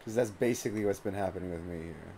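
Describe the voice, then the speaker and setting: A man's voice: deep voice, fast, creaky, warm tone, a little hiss or hum. A man streaming a video game live, chatting casually and swearing freely as he plays. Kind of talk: casual live gameplay commentary.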